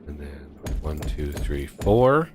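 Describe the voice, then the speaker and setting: A man's voice: a bass voice, sing-song, slow pace, very noisy. A man streaming a multiplayer game, casually thinking aloud and counting off steps as he builds. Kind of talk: casual multiplayer gameplay chat.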